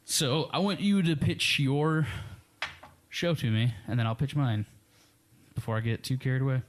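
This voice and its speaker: A man in casual podcast chat, excitable, cutting in with jokes and ideas. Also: mid-range voice, moderate pace, slight background noise. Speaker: podcast co-host.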